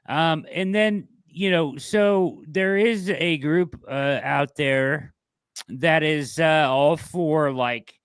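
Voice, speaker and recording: A man co-hosting a sports podcast, speaking in a halting way with many pauses and "uh"s. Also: fairly high pitch, fairly bright tone, clear, resonant tone, dry recording. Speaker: podcast co-host. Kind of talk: casual sports podcast talk.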